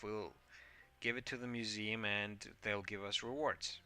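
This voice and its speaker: A man chats through his gameplay with a gravelly, very bright voice, rambling and playful. Faint game music plays behind him. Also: lowish voice, brisk. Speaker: gameplay host. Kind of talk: casual game commentary.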